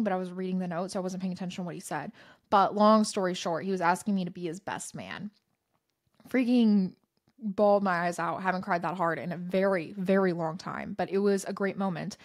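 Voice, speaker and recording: A young woman hosting a faith podcast, chatting casually in a bubbly, animated storytelling way. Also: mid-range voice. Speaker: podcast host.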